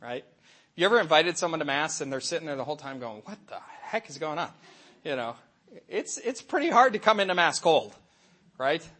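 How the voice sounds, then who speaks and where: A middle-aged man, a Catholic catechist, giving a lively faith talk to an audience and acting out little voices in his stories. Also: on the high side, fairly quick. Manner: animated storytelling, acts out voices and asides.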